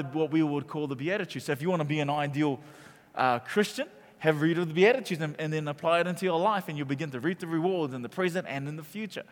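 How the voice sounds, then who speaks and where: A man preaching a sermon, calling out to his congregation and growing loud on key points. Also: a little high. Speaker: pastor. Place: church auditorium. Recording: long reverb from a large hall.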